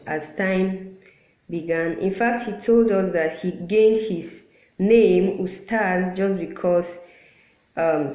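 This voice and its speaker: A woman with a lowish voice gives an unhurried lesson, repeating each letter sound patiently to demonstrate it. Her voice rings in a roomy, echoey space. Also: mellow. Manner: apologetic asides. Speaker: Quran recitation teacher. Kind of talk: explanatory lesson. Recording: roomy echo.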